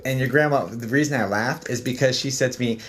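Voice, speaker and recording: A man giving a psychic medium reading on a livestream, talking gently and reassuringly straight to his viewers. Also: mid-range voice, fast talker. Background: background music.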